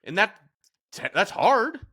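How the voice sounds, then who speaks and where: A man hosting a casual podcast, his voice bright and forceful and sitting a little high for a man. He talks in lively swings, telling stories with animation and slipping into the voices of the people he quotes. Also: slow pace. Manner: animated storytelling, acting out quoted lines. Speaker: podcast host.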